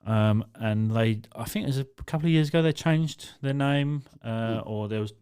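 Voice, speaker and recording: A young man, co-hosting a podcast in casual chat. He tells stories in an animated way, laughs often and swears freely. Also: medium pitch, moderate pace, smooth. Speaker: podcast co-host.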